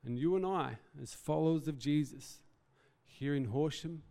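Speaking in a hall with long reverb, a pastor gives a sincere, conversational sermon, slipping self-deprecating remarks between his points. His voice is warm, mellow and gravelly, fairly high in pitch, at a normal speed.

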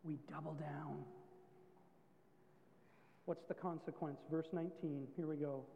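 A male pastor preaching in a relaxed, story-telling way, his voice sitting high for a man. The sound is dull and muffled, with a long church-hall reverb trailing each phrase. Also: unhurried, creaky, a little hiss or hum. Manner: conversational, explains with everyday stories. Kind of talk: sermon.

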